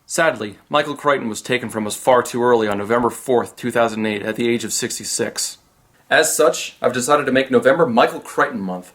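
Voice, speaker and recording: A man narrating a comedic film review with a lively, sarcastic delivery. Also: medium pitch, brisk.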